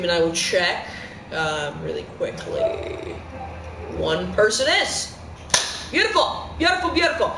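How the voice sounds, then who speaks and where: Goofy streamer rambling thru a live stream, voice jumps up into squeaky yelps now n then, noisy background hum. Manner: rambling and playful, with sudden squeaky outbursts. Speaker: game streamer. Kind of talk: casual live-stream commentary. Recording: echoey room with background noise.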